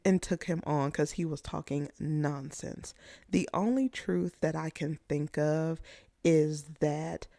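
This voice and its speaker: A commentator giving angry commentary in a slow, blunt, profane way. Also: mid-range voice, vocal fry, mellow, no echo, studio quality.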